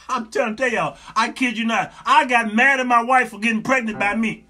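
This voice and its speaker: A middle-aged man hosting a talk show, giving sermon-like advice in an animated, joking, preacherly manner with lots of repetition. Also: very high voice, fairly quick, hardly any pauses.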